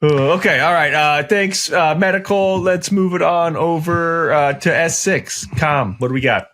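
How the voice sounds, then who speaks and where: A man co-hosting a podcast, briskly moderating a mock military brief. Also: on the high side, a bit bright. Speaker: podcast co-host.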